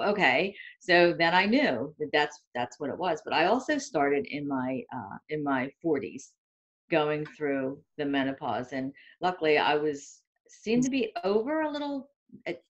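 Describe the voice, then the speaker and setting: A woman's voice: low-pitched, unhurried. Candid woman in her fifties, dull audio. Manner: candid, animated storytelling. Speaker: panel guest. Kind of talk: casual chat.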